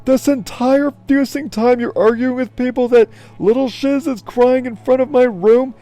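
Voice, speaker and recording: A man voicing an adult woman shopper who is furious and yelling at another customer. He pushes his voice well above his own and shouts it out. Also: very high voice, steady tone, moderate pace, pitched above the performer's own voice. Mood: furious shouting. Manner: yelling, outraged.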